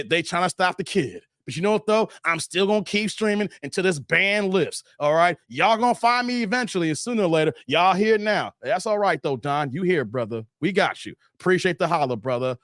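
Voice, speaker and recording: Brief: high-voiced male streamer, relaxed and slangy, chuckles as he reads chat into a dry close mic. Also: fairly quick, hardly any pauses, no room sound. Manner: laid-back, slangy, laughs often, trails off. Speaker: live stream host. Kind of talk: casual live stream chat, reading comments.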